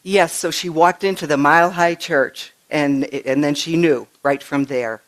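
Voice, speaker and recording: An older woman minister giving a conversational sermon, telling stories in an animated way and often stumbling over and restarting her words. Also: low voice, a little slow. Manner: chatty, animated storytelling with frequent restarts. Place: church sanctuary.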